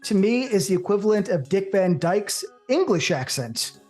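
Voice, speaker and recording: A man co-hosting a casual movie podcast, opinionated and animated, with profane banter. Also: sits high, moderate pace, soft background music. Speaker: co-host.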